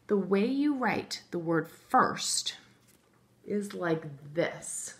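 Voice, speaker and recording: Extremely slowly and expressively, a woman with a medium-pitched, fairly bright voice leads a recorded remote phonics lesson for first graders. She is patient and encouraging. As she writes words on a board, she sounds out each letter in turn.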